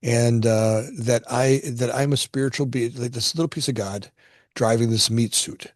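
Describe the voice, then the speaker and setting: A middle-aged construction company founder from Florida, guesting, tells a personal story loosely and conversationally at a moderate pace in a mid-range voice. He's animated, restarting phrases and frequently repeating words as sentences begin, his voice rising and falling with feeling. The recording is dry and close.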